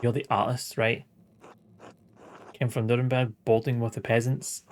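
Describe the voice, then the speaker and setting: A man's voice: mid-range voice, level tone, moderate pace, slight background noise. A man in his late thirties, streaming a game with wry, sweary chatter, reading its dialogue aloud. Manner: sweary, wry, chuckling asides. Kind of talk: casual let's-play commentary, reading game dialogue aloud.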